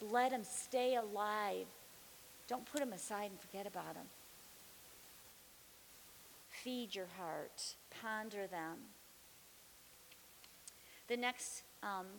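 A middle-aged woman teaching the Bible, sharing a testimony with fervent, building declarations. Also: mid-range voice. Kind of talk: testimony during a sermon. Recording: long reverb with faint hiss.

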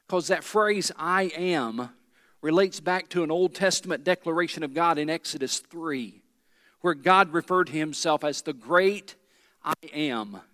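High-pitched pastor guy preaching hard, lots of church echo, asks the crowd stuff. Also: normal speed, fairly bright tone. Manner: emphatic preaching, calls out to the congregation with rhetorical questions. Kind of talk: sermon. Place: large church with a balcony. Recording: long hall reverb in a large church.

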